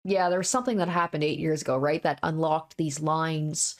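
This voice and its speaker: A woman streaming a visual novel, breaking off the reading for animated, rambling casual commentary. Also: low-pitched, a little fast.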